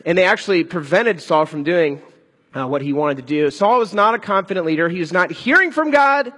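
A man preaching a sermon in an animated, conversational way. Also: sits high, fairly quick, breathy edge, in a large hall. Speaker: pastor.

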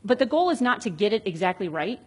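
Husky-voiced woman talking about parenting. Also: mid-range voice, very animated, fast talker, darkish tone. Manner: reads out example dialogues, chatty and reflective. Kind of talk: casual explanatory talk on parenting.

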